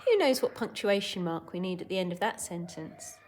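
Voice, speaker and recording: Lively woman teacher dictating slowly. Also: on the low side, a little hiss or hum. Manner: clear, dictating sentences word by word. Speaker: primary school teacher. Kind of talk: recorded classroom lesson.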